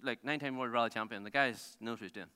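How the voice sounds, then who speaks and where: A man delivers a lively, story-driven sermon, tripping over his own words as he goes. His voice is bright and crisp. It rings out with a long reverb through a large theatre. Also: mid-range voice, racing. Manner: animated storytelling, self-interrupting with restarts and laughs. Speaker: pastor. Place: large theatre used as a church.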